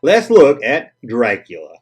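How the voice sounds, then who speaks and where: Southern US man, toy review host, husky voice, lively pitch, cracks corny jokes. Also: a little slow. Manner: jokey, corny puns, chatty. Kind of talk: casual vintage toy review.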